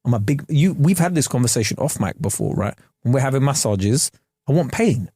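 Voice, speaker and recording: A young man, co-hosting a podcast and telling a story in animated, slangy casual chat. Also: medium pitch, fairly quick, husky, dry recording, clean studio sound. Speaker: podcast co-host. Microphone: studio podcast mic.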